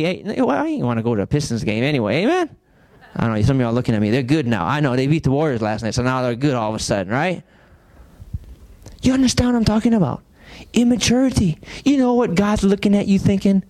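A man's voice: high voice, lively intonation, fast, darkish tone. A man, preaching a sermon as pastor and throwing rhetorical questions at his congregation. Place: church sanctuary.

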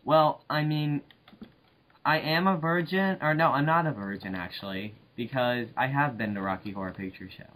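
A man's voice: mid-range voice, moderate pace, fairly bright tone, rough recording. A young man co-hosting a casual podcast, joking and laughing often, with many fillers. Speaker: podcast co-host. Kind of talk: casual chat.

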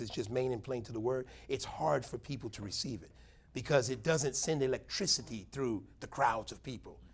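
A man preaching a plain-spoken Bible teaching sermon, earnest and conversational, with emphatic bursts. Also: medium pitch. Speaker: pastor.

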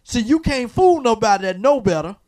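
A man preaches in a sanctuary, teaching from the Bible call-and-response style. His voice sits high and swings widely in pitch. He teases the congregation and keeps prompting them to answer. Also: lively intonation, a little fast, darkish tone. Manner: asks the congregation to fill in words, teasing and preacherly. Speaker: pastor. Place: church sanctuary.

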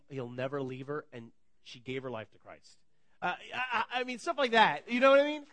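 A man in his thirties delivers a lively sermon in a high, bright voice that leaps around in pitch. He tells stories with energy, acting out the people he met and breaking into laughter. The sound is close and dry. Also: no room sound. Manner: energetic storytelling, acts out dialogue, laughs often. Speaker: pastor.

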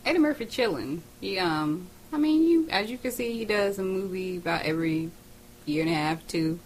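A woman's voice: on the low side, lively intonation, moderate pace, slight background noise. Laid-back, slangy woman co-host. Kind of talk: casual chat. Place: studio.

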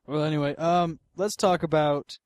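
A man's voice: a little high, steady tone, moderate pace, a little mellow, no room sound. A man hosting a casual podcast, loose and profane, laughing often. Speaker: podcast host. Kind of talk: casual chat.

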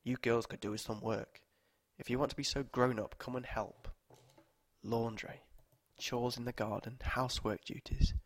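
A man voicing a brisk, no-nonsense mother of two girls who scolds her daughters. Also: mid-range voice, little pitch movement, dry recording, close to an everyday voice.

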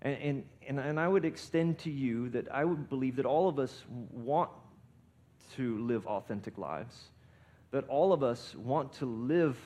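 Emphatic male pastor preaching. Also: darkish tone. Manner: emphatic preaching with swells in volume and pitch; frequent restarts and repeated words. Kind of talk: sermon.

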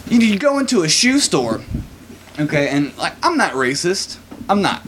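A man's voice: high-pitched, normal speed, slight background noise. Give me a laughing male podcast co-host spinning a story and acting out the voices in it. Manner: animated storyteller, laughs often, acts out quoted voices. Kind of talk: casual storytelling chat.

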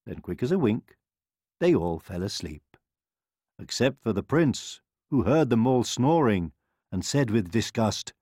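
A man reading a rhyming bedtime story aloud in a sing-song, expressive way. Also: medium pitch, a little slow, slightly rough, no room sound, studio quality. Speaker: narrator.

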